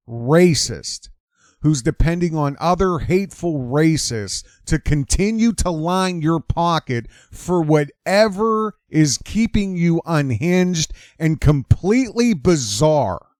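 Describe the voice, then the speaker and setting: A man's voice: a little high, expressive, slow pace, a little mellow, no room sound, clean studio sound. A man hosting an opinionated commentary monologue, emphatic and repeating his lines for effect. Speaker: commentary channel host.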